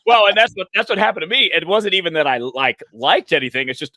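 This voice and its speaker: Bright-voiced chatty American man. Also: sits high, fast talker, no room sound, studio quality. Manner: animated and chatty, laughs often. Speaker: news talk show co-host. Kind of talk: casual political chat.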